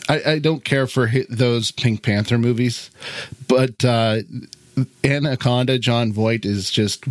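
A man's voice: mid-range voice, a little slow, no room sound. A man co-hosting a movie podcast, speaking casually and hesitantly with repeated words. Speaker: podcast co-host.

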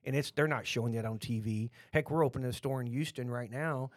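A man's voice: mid-range voice, fast talker, dry recording. A middle-aged man with a Texan accent, talking bluntly in a rambling, opinionated podcast chat full of restarts.

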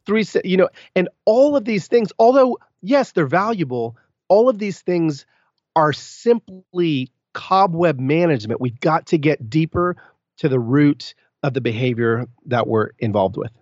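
Male podcast guest, slightly high voice, emphatic and animated, dry slightly dull recording. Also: measured pace, no echo. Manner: animated, emphatic bursts, frequent restarts. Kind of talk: candid interview storytelling.

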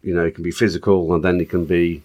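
A man with a Northern English accent co-hosting a podcast, chatting casually and often chiming in with quick agreement. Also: deep voice, level tone, a little mellow. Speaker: podcast co-host.

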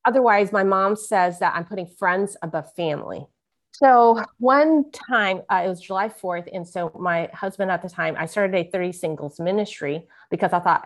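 A woman from San Francisco, a guest author, reads from her own memoir and talks it through. Her storytelling is earnest and vivid, with strong emotional emphasis. Her voice sits at a middling pitch. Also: normal speed. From San Francisco, USA. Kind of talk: memoir reading mixed with conversation.

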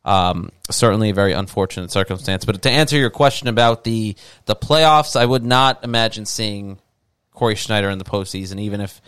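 Low, smooth-voiced male co-host. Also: fairly bright tone, dry recording, clean studio sound. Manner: measured, thoughtful, some hesitations. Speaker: podcast co-host. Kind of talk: casual sports talk.

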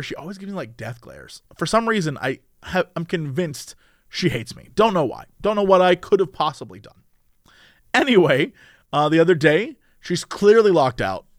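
A high-pitched man tells a story in a casual podcast chat. His voice swings widely up and down as he narrates with lots of laughter, and the sound is dry and close. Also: no room sound. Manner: animated storyteller, laughs often. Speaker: podcast co-host. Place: lives in a live-work office complex in a city.

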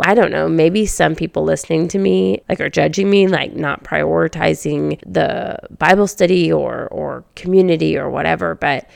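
A woman's voice: sits low, moderate pace, vocal fry, few pauses, a little mellow, no echo, studio quality. A woman in her thirties hosting a faith podcast, chatting casually, laughing often and restarting her sentences. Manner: giggly, rambling with many restarts. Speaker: podcast host.

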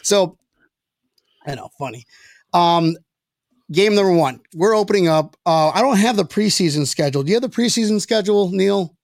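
A man hosting a casual sports podcast, excitable and rambling, laughing often between thoughts. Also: high-pitched, a little fast, creaky, no room sound, clean studio sound. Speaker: podcast host.

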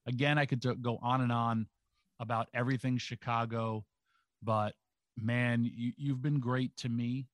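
A man's voice: medium pitch, steady tone, normal speed, dry recording. A man, a wrestler co-hosting a podcast, talking casually and rambling with lots of filler words. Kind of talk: casual chat.

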